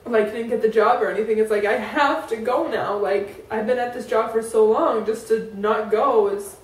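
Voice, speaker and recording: High-voiced woman vlogging from a distance. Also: steady tone, moderate pace. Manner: rambling, full of "like" and restarts. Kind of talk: personal confessional storytelling. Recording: roomy, distant from the mic.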